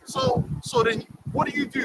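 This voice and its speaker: A man's voice: very high-pitched, sing-song, moderate pace. A man hosting a livestream discussion, emphatic and preachy, using street slang. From England. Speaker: livestream host. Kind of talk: heated casual discussion. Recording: distant mic, noisy room.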